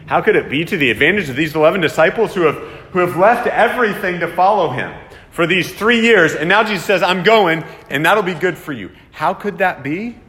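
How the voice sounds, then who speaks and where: A man's voice: sits high, lively intonation, fairly quick, fairly bright tone. A man preaching a sermon, earnest and emphatic, his voice rising to plead and dropping to reflect. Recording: long reverb of a hall.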